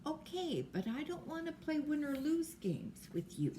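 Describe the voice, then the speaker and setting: A woman doing a high whiny little girl. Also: sing-song, background noise. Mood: eager. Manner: whiny, drawn-out childish pleading. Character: upset little girl who throws tantrums.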